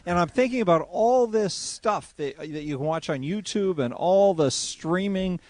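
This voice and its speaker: A man co-hosting a talk radio show, his fairly high voice sounding dry and close. He keeps chiming in with wry quips and short asides. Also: expressive, moderate pace, darkish tone, dry recording. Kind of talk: casual chat.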